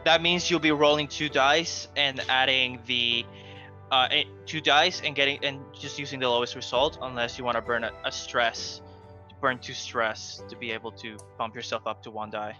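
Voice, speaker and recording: A man's voice: mid-range voice, steady tone, moderate pace, bright, forceful tone, dull audio, faint music behind. A man running a tabletop game on a live stream, laid-back and joking. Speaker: game master.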